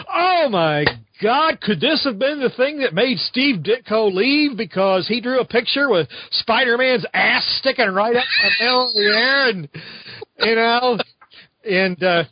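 A man's voice: very high voice, lively intonation, normal speed, a little hiss or hum. A man co-hosting a casual podcast, rambling and sarcastic with lots of fillers. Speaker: podcast co-host. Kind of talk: casual chat. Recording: dull lo-fi sound.

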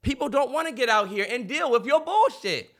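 Man, high bright voice, losing his voice, exasperated podcast argument. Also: lively intonation, a little fast. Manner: emphatic, exasperated, cursing. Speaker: podcast co-host. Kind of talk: heated casual debate.

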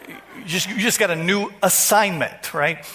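High, bright-voiced pastor preaching. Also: male voice, a little slow. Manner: conversational preaching, repeats words, talks to the congregation. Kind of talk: sermon. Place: church.

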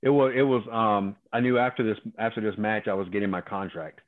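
Man in his 50s, low-pitched, phone-line guest spinning colorful, profane wrestling yarns, dry sound. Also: fairly quick, no room sound. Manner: profane, animated, acts out other people's lines. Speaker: guest, former pro wrestler. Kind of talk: casual storytelling.

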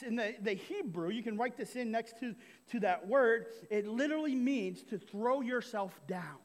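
A young man preaching a sermon, animated and conversational, asking his listeners "right?" again and again. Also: high-pitched, in a large hall. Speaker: pastor. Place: church hall.

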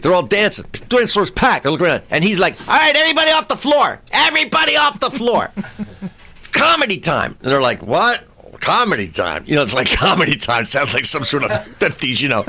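Animated storytelling comedian man. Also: on the high side, dry recording. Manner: animated storyteller who acts out voices, shouting in bits. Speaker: stand-up comedian. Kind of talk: casual chat, storytelling.

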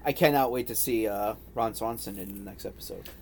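A man's voice: lowish voice, fairly quick, creaky, a little hiss or hum. A man co-hosting a podcast, reading out news items and bantering casually. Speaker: podcast co-host. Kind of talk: casual chat.

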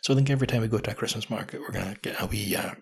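A man's voice: on the low side, very fast, gravelly, slightly rough. A man in his thirties hosting a podcast, chatting through a story in a casual, self-mocking way and swearing freely. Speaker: podcast host.

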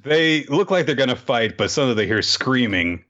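A man's voice: mid-range voice, normal speed, dull audio. A man co-hosting a podcast, casually and animatedly recapping a manga and acting out its scenes. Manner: animated storyteller, acts out the scenes. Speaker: podcast co-host.

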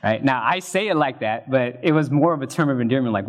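A man's voice: medium pitch, expressive, fast talker. A male pastor preaching a conversational sermon, checking in with the congregation and joking in asides.

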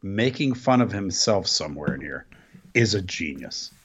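A man's voice: sits low, sing-song, moderate pace, a little hiss or hum. Enthusiastic middle-aged man chiming in. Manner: chimes in with enthusiastic asides. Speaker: podcast co-host. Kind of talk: casual wrestling podcast chat.

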